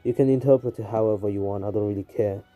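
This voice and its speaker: A man's voice: lowish voice, steady tone, fast, narrow, tinny audio, soft background music, close to an everyday voice. A man voicing a pushy, goading older male ninja mentor in a fan story, speaking bluntly.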